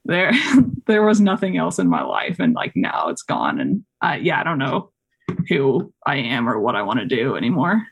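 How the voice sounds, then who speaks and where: A young woman from Colorado, a podcast guest telling stories in a chatty way, full of fillers and quick acted-out quotes. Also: extremely low pitch, very animated, vocal fry, breathy edge, muffled recording. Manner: chatty, many fillers, acts out quoted voices. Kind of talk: casual interview chat.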